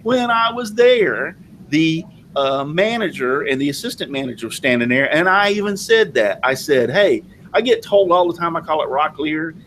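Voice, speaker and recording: A man's voice: on the high side, lively intonation, moderate pace, a bit bright, a little hiss or hum, low-quality recording. A man raised in the South, hosting a casual live video chat, rambling with lots of fillers. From American South. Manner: rambling, chatty, many fillers. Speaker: live show host.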